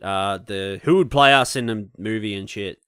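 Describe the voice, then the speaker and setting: A man, co-hosting a podcast and telling a swearing, animated story in casual chat, often acting out the voices of people he quotes. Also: fairly low pitch, normal speed, clear, resonant tone, no room sound, studio quality. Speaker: podcast co-host.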